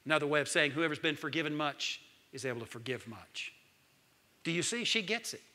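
A man, preaching a sermon as pastor, swinging between loud calls and hushed lines. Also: a little high, expressive, brisk.

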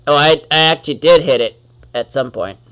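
A man giving let's-play commentary on his gameplay, talking to the enemies on screen and quickly getting annoyed. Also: fairly high pitch, a bit bright. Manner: talks to the enemies on screen, easily annoyed, exclaims.

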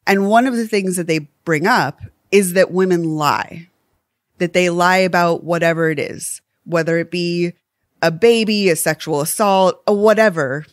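A woman with a lowish voice co-hosting a casual true crime podcast. She talks with heated conviction and swears freely. The sound is close and dry, with no room around it. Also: moderate pace, no room sound. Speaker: podcast co-host.

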